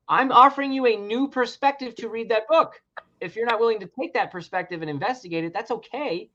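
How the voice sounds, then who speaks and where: A woman co-hosting a podcast in casual chat, animated and sarcastic, swearing freely. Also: a little high, a little fast. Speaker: podcast co-host. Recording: dull lo-fi sound.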